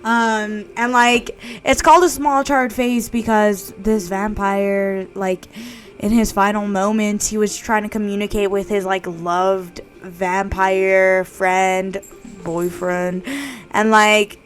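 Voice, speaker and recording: A woman's voice: mid-range voice, level tone, slow, faint music behind. A young woman chatting casually to her viewers, giggly and full of fillers, about to read aloud. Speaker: vlogger reading aloud. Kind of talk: casual reading vlog.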